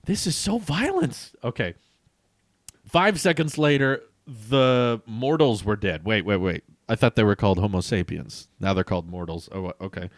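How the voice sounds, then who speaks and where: A man's voice: lowish voice, animated, normal speed, dry recording, studio quality. A young man reading his childhood comic aloud as a vlogger, with self-mocking, amused asides.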